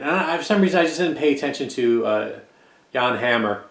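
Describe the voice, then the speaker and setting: A man's voice: mid-range voice, normal speed, creaky, long pauses. A man from the United States rambling casually about the records he collects, with lots of fillers. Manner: rambling and relaxed, with frequent fillers. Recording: echoey room.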